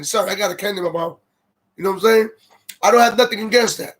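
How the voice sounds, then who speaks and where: A man with a fairly high voice talks straight to his livestream viewers in a loose, casual way. He circles back on the same phrases and greets people as they join. He turns heated and incredulous as he reacts. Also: quick pace, a bit bright. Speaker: livestream host.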